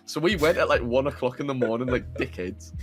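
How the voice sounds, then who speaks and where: A man's voice: mid-range voice, expressive, a little fast. A young man from northern England hosting a podcast, chatting casually, sweary and laughing through his stories. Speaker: podcast host. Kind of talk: casual chat.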